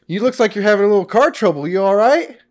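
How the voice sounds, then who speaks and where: An evasive, blustering drifter on horseback who swears he's a mechanic, played by a man in an improv skit. He talks his way around every question. His voice runs a little high and swings widely as he bluffs. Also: animated, quick pace. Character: shady male horse-riding drifter posing as a mechanic.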